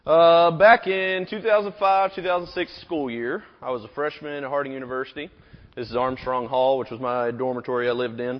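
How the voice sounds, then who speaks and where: A man's voice: mid-range voice, little pitch movement, fairly quick. A man in his thirties preaching a sermon, telling a personal story in a rambling, casual way full of "you know" asides. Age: 30s. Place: auditorium. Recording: echoey hall, dull recording.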